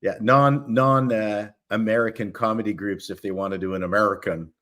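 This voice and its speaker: A man's voice: lowish voice, steady tone, moderate pace, a bit bright. A man talking as a guest on a casual panel show, wry and offhand, stumbling on his first words. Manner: wry, offhand, stammers on starts.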